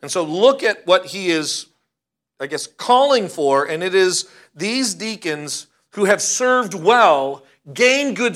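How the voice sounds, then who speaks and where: Forceful, bright-voiced male pastor preaching. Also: fairly high pitch. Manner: emphatic, slowing down to stress key words. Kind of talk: sermon.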